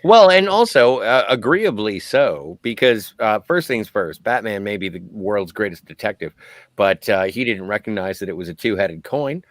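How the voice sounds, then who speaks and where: A man's voice: lowish voice, moderate pace, no echo. Podcast guy getting into why a villain does stuff, voice bouncing all over, dead dry sound. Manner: analytical, excited about character motives. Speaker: podcast co-host. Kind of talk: casual film discussion.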